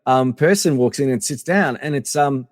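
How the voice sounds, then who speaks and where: A middle-aged man from Australia, a podcast guest telling animated anecdotes with lots of fillers and restarts. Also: medium pitch, normal speed, no echo, clean studio sound, long reverb tail. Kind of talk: casual storytelling interview.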